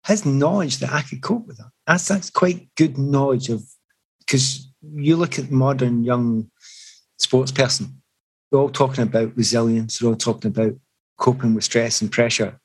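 A man's voice: medium pitch, moderate pace, slightly rough, rough recording. A middle-aged man, a former footballer, telling reflective stories in an interview. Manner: reflective, animated anecdotes with restarts. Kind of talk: storytelling in an interview.

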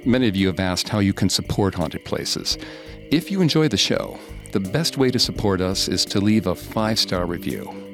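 A man, a podcast host, reading scripted horror narration in a slow, hushed, suspenseful way. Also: deep voice, lively intonation. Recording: studio narration over faint music.

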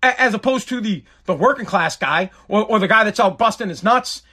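A man's voice: sits high, fairly quick. A man delivering a heated, profane comedic rant as a show host. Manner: profane, heated, animated ranting.

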